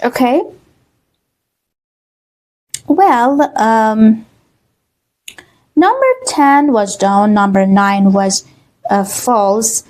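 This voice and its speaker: A woman English teacher with a Persian accent, explaining exam reading answers slowly, with many fillers and a checking "okay?". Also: fairly high pitch, darkish tone. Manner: slow, many fillers, repeats words with "okay?". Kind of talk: online exam-prep lesson.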